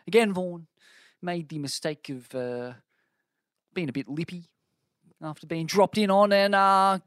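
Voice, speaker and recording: A man with an Australian accent co-hosting a podcast, telling stories and reading out listener questions in a dry, deadpan way. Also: high-pitched, unhurried, no room sound. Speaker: podcast co-host. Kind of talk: casual chat.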